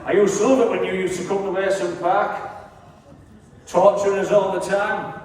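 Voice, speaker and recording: Teesside male stand-up, very high voice, foul-mouthed crowd roasting, heard from far off in a long-echo hall. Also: level tone, normal speed. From England. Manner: profane, rowdy, teasing the crowd. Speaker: stand-up comedian. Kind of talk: stand-up comedy routine. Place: large hall on stage.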